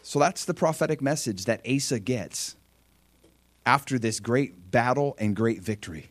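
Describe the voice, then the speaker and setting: A middle-aged man preaching a sermon, animated, jumping into excited voices as he acts out scripture. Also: moderate pace, no room sound. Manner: animated, acts out excited voices of God with big pitch jumps. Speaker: pastor.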